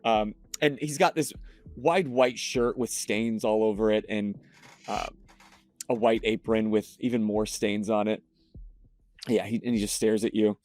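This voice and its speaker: A man's voice: fairly low pitch, fairly even intonation, unhurried, darkish tone, soft background music. Man narrating as game master.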